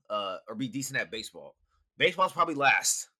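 A young man co-hosting a podcast in casual chat, profane and emphatic when making his point. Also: medium pitch. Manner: fast, animated, profane and emphatic. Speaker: podcast co-host.

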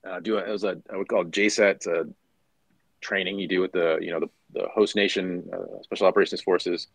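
A man in his forties, formerly a Marine officer, tells stories in a relaxed interview and acts out the voices of the people in them. His voice is low, gravelly and fairly quick. The recording is dry but low in quality.

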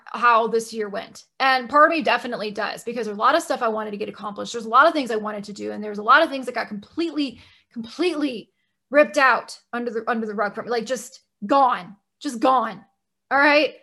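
A high-voiced woman co-hosting a casual podcast. She is blunt and emphatic, drops frequent swear words, and pushes her points hard. Her tone is bright and forceful. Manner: blunt, profane, emphatic ranting. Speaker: podcast co-host.

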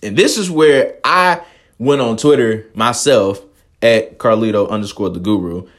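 A man's voice: mid-range voice, measured pace. A man, delivering a profane, incredulous commentary rant as a host, swearing often.

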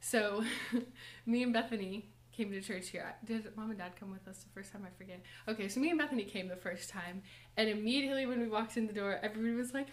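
Speaking softly and haltingly, a young woman in a church college group shares a personal testimony and a short lesson, her words full of fillers and nervous laughs. Her voice sits a little high.

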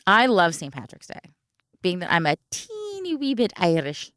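Middle-aged female podcast co-host, low smooth voice, dry close mic, chatty, laughs a lot. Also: wildly swooping pitch, normal speed, fairly bright tone, no room sound. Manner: chatty, laughs often, explains recipes step by step. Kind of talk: casual chat.

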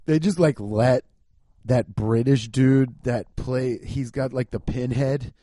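A man's voice: mid-range voice, takes it slowly, no room sound, studio quality. A man hosting a podcast, riffing in a comedic rant, swearing often and laughing as he talks. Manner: profane, laughing, animated riffing. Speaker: podcast host.

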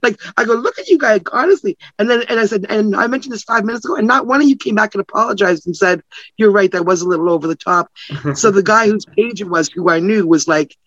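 A woman's voice: mid-range voice, fast talker, a bit bright, no echo. A woman being interviewed as a guest, talking animatedly, acting out quoted voices and laughing often. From Canada. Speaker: guest publicist. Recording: slightly muffled, dry sound.

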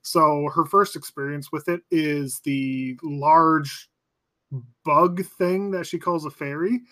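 A man chatting casually about a movie with friends, swearing freely, laughing often and trailing off quietly at the ends of thoughts. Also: on the high side, steady tone, slow pace. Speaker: podcast co-host.

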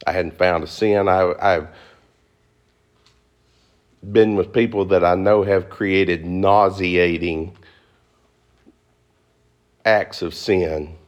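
Fervent fast-talking preacher man. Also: fairly even intonation, lo-fi sound. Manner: fervent preaching, climbing into high emphatic bursts; fast-talking, folksy with y'all and ain't. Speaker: pastor. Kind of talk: sermon. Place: church before a congregation.

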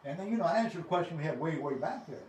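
Guy adding thoughts in a bible talk, lively pitch, far from mic, light room noise. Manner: earnest, halting with fillers and restarts. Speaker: co-host in Bible discussion. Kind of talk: casual Bible study discussion. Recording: roomy, distant mic with faint ambience.

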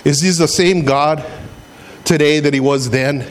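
A man's voice: a little high, fairly even intonation, measured pace, a little hiss or hum. A middle-aged man from Hawaii preaching a casual, conversational sermon, retelling a story with sound effects and repeated words. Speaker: pastor.

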